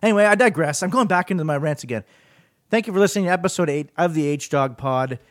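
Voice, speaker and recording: A man hosting his own podcast in a solo rant, with a lively, swinging delivery. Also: fast, dry recording, clean studio sound. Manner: animated ranting, swings up and down in pitch. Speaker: podcast host.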